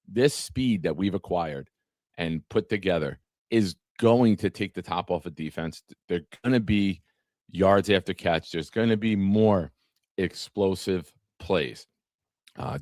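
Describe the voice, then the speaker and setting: A man's voice: lowish voice, no echo, clean studio sound. A man hosting a casual live-streamed sports talk show, chatting with viewers by name and reading from an article. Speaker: podcast host.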